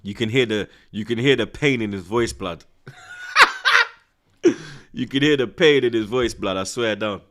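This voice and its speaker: A man's voice: on the low side, a little fast, hardly any pauses. A young man, chatting casually in street slang and reacting live to a football match. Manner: animated, street slang, frequent tag questions. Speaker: streamer.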